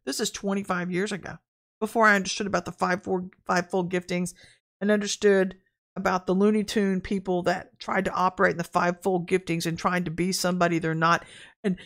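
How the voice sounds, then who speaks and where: A woman preaching an informal online sermon, talking frankly and conversationally and telling lively stories from her own life. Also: fairly low pitch, fairly quick. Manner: candid, conversational, animated storytelling. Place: at home, in front of a camera.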